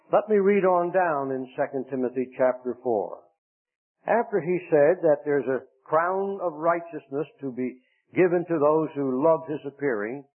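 An older man from Pennsylvania preaching a sermon in slow, emphatic phrases that stretch out key words. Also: fairly high pitch. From Lancaster, Pennsylvania. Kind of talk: sermon on a radio broadcast. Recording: tinny phone-like radio recording.

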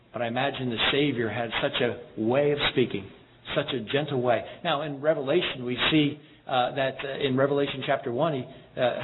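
Man preaching over a tinny line. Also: mid-range voice. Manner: measured, earnest preaching with scripture readings. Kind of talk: sermon. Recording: tinny phone-like sound with background noise.

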